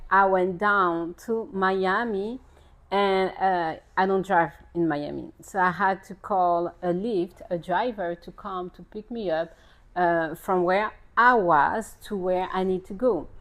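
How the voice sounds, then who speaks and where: A woman's voice: mid-range voice, slow. A woman vlogger casually telling a personal story about everyday encounters. She talks in short bursts with fillers and loose grammar, and breaks into incredulous exclamations as she replays the conversation. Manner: expressive storyteller who replays her own disbelieving exclamations. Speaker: family and parenting vlogger.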